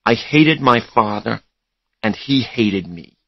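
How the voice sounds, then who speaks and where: A young businessman, confident yet bitter, with a quiet, curt delivery, as a male narrator voices him. The voice sits fairly low and moves slowly. The sound is dry and close. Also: expressive, creaky, slightly rough, no echo, dull audio, exaggerated voice.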